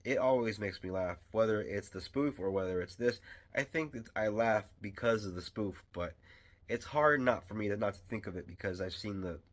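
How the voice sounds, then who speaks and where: A man with a deep, low voice talks through a film review in an easy, unscripted way. He wanders, restarts and fills pauses, but his fan's enthusiasm keeps coming through. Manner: loose and rambling, with many fillers and restarts; enthusiastic fan. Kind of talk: casual spoken film review.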